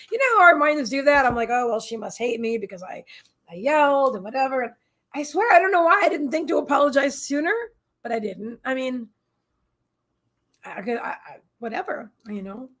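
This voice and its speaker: A woman's voice: high-pitched, a bit bright. A middle-aged woman hosting a psychic livestream, telling a personal story in a rambling, emotional way with many restarts and asides to viewers. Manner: talks to viewers in chat.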